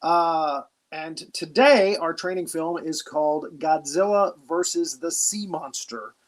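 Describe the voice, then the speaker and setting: A man playing a retired army general who briefs cadets, hosting in a halting, mock-official way with many pauses. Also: on the high side. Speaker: host. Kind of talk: improvised comedy character.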